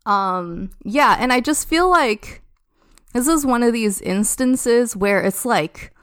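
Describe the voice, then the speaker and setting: A woman's voice: fairly high pitch, animated, slow pace, clean tone, dry recording, clean studio sound. A young adult woman telling a story as a podcast guest, chatty and full of "like". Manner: chatty, heavy use of "like". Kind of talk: casual storytelling.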